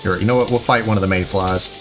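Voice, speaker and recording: Guy doing a let's play, lowish voice, rambly step-by-step directions, faint game music under it. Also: fairly even intonation, fast talker. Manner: rambling, self-correcting directions. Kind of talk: casual gameplay commentary, walkthrough guide.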